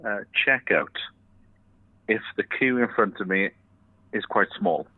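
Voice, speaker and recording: A man's voice: lowish voice, slow pace, dry recording. A man calling in to a chat show, chatty with wry asides, heard over a phone line. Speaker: caller.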